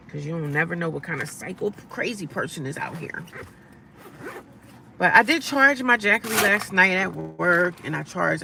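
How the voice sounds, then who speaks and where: A woman's voice: low-pitched, gravelly, distant mic, noisy background. A middle-aged woman chatting casually to her phone from inside her car, upbeat and self-encouraging with sassy asides. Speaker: vlogger living in her car. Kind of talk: casual live-stream chat.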